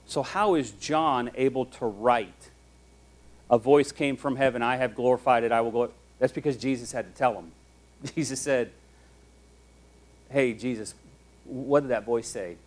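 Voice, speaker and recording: A man preaching a sermon as a pastor, telling the story in a conversational, animated way. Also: medium pitch, normal speed.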